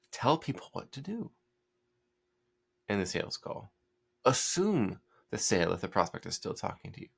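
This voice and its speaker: A low, gravelly male voice, delivering a commanding solo commentary. He talks bluntly and directively. His fry-laden tone gives his orders a rough edge. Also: fairly bright tone. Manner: blunt, commanding, mocks hesitant speech with put-on hedging. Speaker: host.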